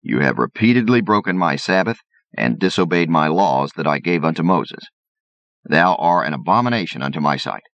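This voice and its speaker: A man voicing a pompous male God who speaks in stentorian, archaic tones, slow and solemn, on a dull, lo-fi audiobook recording. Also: sits low, expressive, fairly bright tone, no echo.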